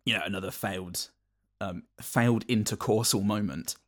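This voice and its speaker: A man co-hosting a podcast, talking through favourite film moments in a halting way with many restarts and a dry sense of humour. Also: lowish voice, fairly even intonation. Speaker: podcast co-host. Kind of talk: casual film review chat.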